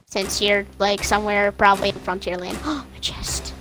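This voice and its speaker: A teenage girl chatting playfully during a game, putting on a squeaky childlike voice. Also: little pitch movement, normal speed, poor audio. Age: teens. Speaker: gamer. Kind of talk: casual gameplay chat. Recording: loud game music behind. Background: loud game music.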